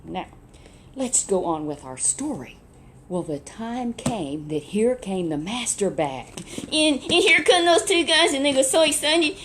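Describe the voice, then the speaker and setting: Animated woman telling a Bible story. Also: fairly high pitch, unhurried, slight background noise. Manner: animated, chatty asides to a puppet. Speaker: storyteller with a puppet.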